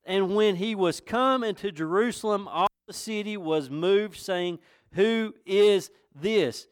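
This man's voice sits high and moves slowly, clear and resonant, as he preaches a sermon in church. He's a pastor from North Carolina with a Southern accent whose folksy, conversational style climbs to emphatic questions. It's studio quality with no room sound.

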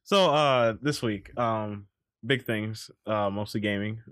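Teasing young man host, low voice. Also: slow, a bit bright, clear, resonant tone, no echo. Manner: teasing, dry jokes. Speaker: podcast host. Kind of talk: casual chat.

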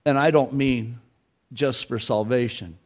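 A man preaches a Sunday sermon in a church. His voice sits at an ordinary middle pitch, and his delivery is folksy, with repeated phrases and quoted lines acted out for the congregation. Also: measured pace. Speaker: pastor.

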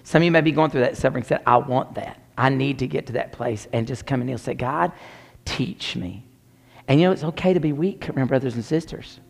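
A man's voice: medium pitch, fast, vocal fry, hardly any pauses. A man preaching a sermon, telling a personal story with dramatic shifts down to near whispers. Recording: long hall reverb.

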